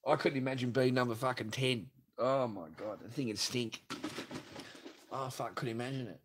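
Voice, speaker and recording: A man's voice: mid-range voice, fairly even intonation, normal speed. Profane man ranting on a livestream. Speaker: livestream host reading superchats. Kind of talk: crude casual livestream rant.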